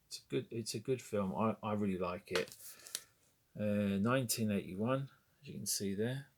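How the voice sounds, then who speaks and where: A husky, fairly low-pitched voice belongs to a British man in his forties, who casually and wryly walks through his film memorabilia, rambling and fixing his own words as he goes.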